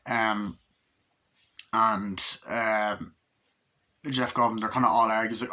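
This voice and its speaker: A man's voice: mid-range voice, fairly even intonation, brisk, sharp tone. A young man giving a casual, rambling movie review, hyper and swearing a lot, slipping into silly voices for quotes.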